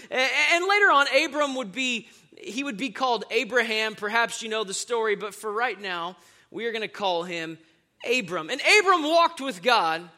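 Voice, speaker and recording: Upbeat male preacher, piercing high voice, jokes and crowd calls. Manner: lively, jokey, calls on the crowd for amens. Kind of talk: sermon.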